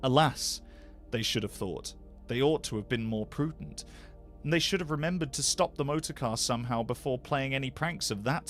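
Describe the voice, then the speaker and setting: A male voice actor reading a bedtime story aloud, expressive and animated. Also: a little high. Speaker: voice actor, narrator.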